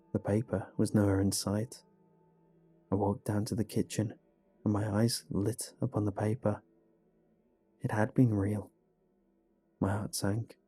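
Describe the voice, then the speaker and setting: A man narrating a first-person horror story in a measured, hushed way. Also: on the low side, slightly rough. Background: faint music.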